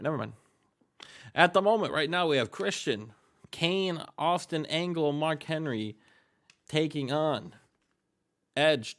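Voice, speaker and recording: A man's voice: fairly high pitch, fairly bright tone. A man casually narrating wrestling game results to a co-host, joking and swearing freely with hype-man flair. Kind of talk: casual gaming commentary.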